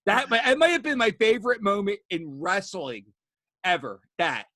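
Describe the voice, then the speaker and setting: A man hosting a casual wrestling chat, telling rowdy, profane stories and acting out quotes loudly. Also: sits high, lively intonation, moderate pace, dry recording, clean studio sound. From Philadelphia area. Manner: rowdy storyteller, swears a lot, acts out quotes loudly. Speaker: podcast host.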